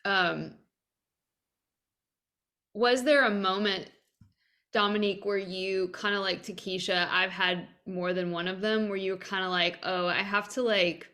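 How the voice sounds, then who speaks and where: A woman's voice: mid-range voice, fairly even intonation, a little slow, long pauses, bright, forceful tone. A woman hosting a podcast, chatting casually with guests and laughing easily. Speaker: podcast host. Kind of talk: casual conversational interview.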